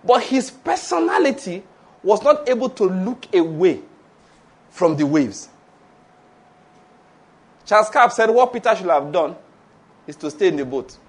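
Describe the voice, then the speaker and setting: A man preaches in a high voice with a breathy edge, keeping a measured pace and pausing often. He laughs between points, stays animated, and gets the congregation to repeat after him.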